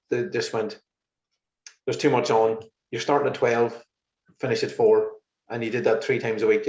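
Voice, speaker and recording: A man, a musician guest on an interview, telling exasperated stories in casual chat. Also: mid-range voice. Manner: lively, exasperated anecdotes with laughs. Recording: roomy, slightly muffled recording.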